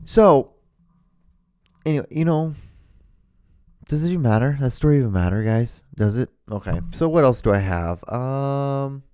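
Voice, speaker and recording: A man's voice: mid-range voice, lively intonation, normal speed, pauses often, mellow, clean tone, no room sound. A man hosting his own podcast, telling a rambling story casually from his room, swearing a lot and filling gaps with "like" and "you know.". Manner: rambling, profane, lots of fillers. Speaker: podcast host. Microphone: talking to a camera.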